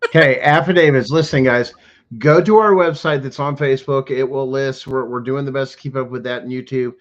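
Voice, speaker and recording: A man co-hosting a casual livestream, brisk and direct as he gives viewers practical pointers. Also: mid-range voice, fairly even intonation. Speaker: livestream co-host. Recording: muffled lo-fi sound.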